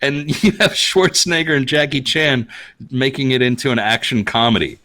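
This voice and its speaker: Bright-voiced ranting man from Minnesota. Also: mid-range voice, moderate pace. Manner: animated, ranting storyteller who laughs often. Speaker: podcast host. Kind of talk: casual chat.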